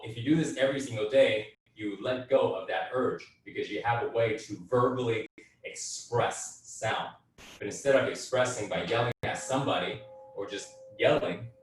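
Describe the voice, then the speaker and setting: A man leading a group workout class, calmly explaining breathing and movement as he coaches. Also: fairly low pitch, heavy reverb, recorded from a distance, rough recording. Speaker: fitness and breathwork instructor. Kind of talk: guided group workout instruction.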